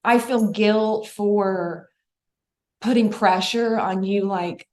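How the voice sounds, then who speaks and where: Soft-spoken reflective middle-aged woman. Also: mid-range voice, steady tone, slow pace. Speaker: podcast guest. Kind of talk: casual podcast conversation.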